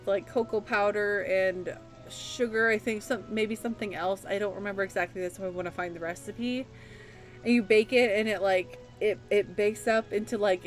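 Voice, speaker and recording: A young woman streaming a game, chatting casually and emotionally with lots of fillers. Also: medium pitch. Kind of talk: casual chat.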